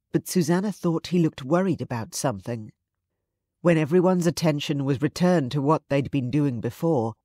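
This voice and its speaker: A woman narrating a romance audiobook in an even, measured storytelling voice. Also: low voice, dry recording, clean studio sound. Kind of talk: scripted narration.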